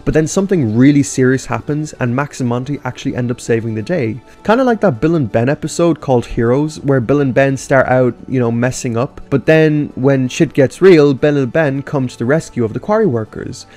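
Casual male YouTube commentator, frank, reads and reviews stories, mid pitch, faint music. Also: brisk, hardly any pauses, darkish tone. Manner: casual and frank, with mild swearing. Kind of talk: reading story outlines and commenting.

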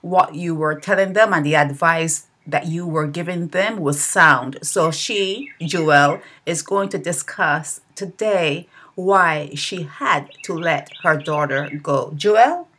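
Breathy woman host introducing a guest. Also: deep voice, takes it slowly, hardly any pauses, a bit bright. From Barbados. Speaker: interview host.

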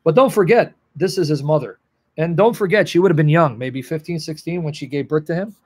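A man's voice: fairly high pitch, brisk, darkish tone, breathy edge. A man leads a livestream Bible session and speaks to viewers in the chat by name. He is earnest and openly emotional. His voice sits a little above the usual male range. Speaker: Bible teacher. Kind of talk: livestream teaching answering chat.

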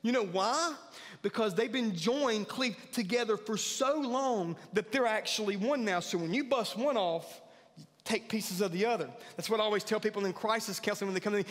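A man's voice: high-pitched, lively intonation, moderate pace, a bit bright. A man preaching a sermon as pastor, earnest and building to emphatic peaks. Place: church sanctuary. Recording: church hall reverb with faint music.

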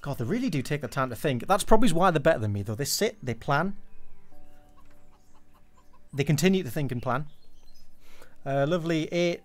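Excitable man streaming games. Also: on the high side, fairly quick. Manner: excitable, swearing, jokey running commentary. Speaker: game streamer. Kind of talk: live gameplay commentary.

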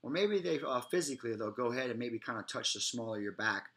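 A man's voice: mid-range voice, lively intonation, quick pace, fairly bright tone. A man teaching self-defense in a presentation, speaking emphatically and often checking in with his listeners. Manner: emphatic, often checks in with "all right?" and "guys". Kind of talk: instructional presentation.

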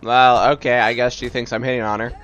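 A man's voice: medium pitch, level tone, a little fast, fairly bright tone, highs cut off. A man giving chatty, self-mocking commentary while playing a game. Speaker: let's-play host. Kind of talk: casual gaming commentary.

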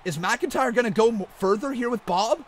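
Sex: man. Role: gaming YouTuber. Style: mock wrestling commentary. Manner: excitable, shouting. Pitch: very high. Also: fairly quick.

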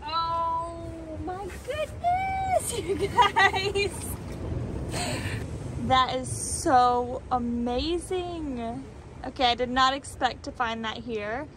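A woman's voice: high-pitched, lively intonation, extremely slow, background noise. A woman vlogging outdoors on a rocky ocean beach, gushing to viewers as "you guys". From United States. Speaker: vlogger and rockhound. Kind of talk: casual vlog talk to viewers.

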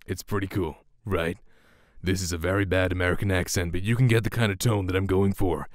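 Soft-spoken young man reviewing gear. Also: sits low, brisk, no room sound, clean studio sound. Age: 20s. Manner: relaxed, rambling, soft-spoken, with fillers. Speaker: streamer and voice actor reviewing a microphone. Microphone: studio condenser close up.

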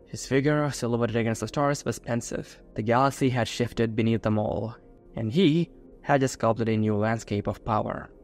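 A man's voice: mid-range voice, moderate pace. A man narrating a science-fiction fan-fiction story in a scripted, dramatic storytelling manner. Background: faint music.

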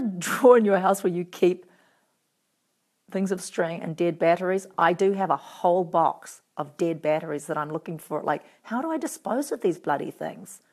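Low gravelly woman, wry and chatty. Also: darkish tone. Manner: chatty, wry and playfully teasing. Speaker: actress answering fan questions. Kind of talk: casual live video Q&A reading out comments.

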